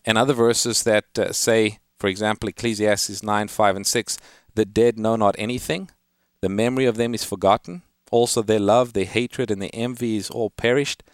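A man with a fairly low voice hosts a call-in Bible program. He explains scripture earnestly and lifts his voice when he quotes verses. The sound is close and dry, with no room around it. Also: steady tone, moderate pace, dry recording. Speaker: radio Bible-answer host. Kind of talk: call-in radio Bible teaching.

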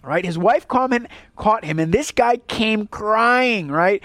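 A man's voice: high-pitched, normal speed, few pauses, a bit bright, no echo. A male pastor from Puerto Rico preaching a sermon in an earnest, rhetorical way, often checking in with "right?".

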